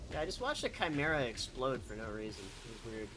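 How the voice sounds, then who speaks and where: A man's voice: medium pitch, sing-song, fast talker, very noisy. A man playing a video game with a friend, chatting casually and asking curious questions. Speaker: game streamer. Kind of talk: casual gaming chat.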